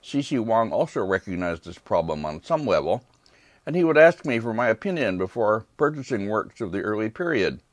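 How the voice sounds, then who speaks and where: An older man lecturing on art history from a prepared script, with calm, measured delivery and brief asides asking for the next slide. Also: on the low side, no room sound. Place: lecture hall.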